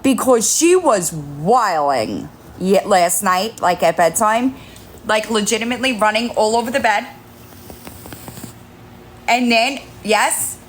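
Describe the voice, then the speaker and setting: A woman hosting a casual livestream from home on her phone, switching between high sing-song baby talk to her kittens and chatty remarks to viewers. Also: takes it slowly, slight background noise. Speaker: livestream host.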